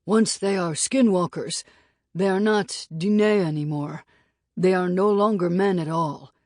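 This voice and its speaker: A woman voicing a solemn, deep-voiced Native scout speaking from the dark, in an audiobook. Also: unhurried, dry recording, studio quality, lightly acted.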